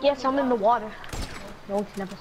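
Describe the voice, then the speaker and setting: A woman bantering and cursing while playing a video game, teasing and breaking into shouts. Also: on the high side, fast talker, a crowd in the background. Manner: profane, teasing, bursts into shouts. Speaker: gamer. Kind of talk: casual gaming banter. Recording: loud game noise behind voice.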